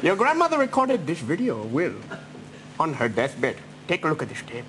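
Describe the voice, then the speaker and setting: A man's voice: fairly high pitch, huge pitch swings, normal speed. A man playing a scheming male lawyer villain in a live comedy radio-serial sketch, with hammy theatrical delivery. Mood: smarmy. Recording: loud noisy live studio broadcast.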